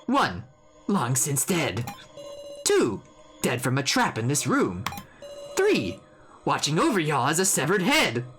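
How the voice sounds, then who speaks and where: A woman's voice: sits low, huge pitch swings, takes it slowly, pauses often, fairly bright tone, soft background music, full character voice. A woman voicing a gleeful, taunting doll game host in a sing-song, mocking way.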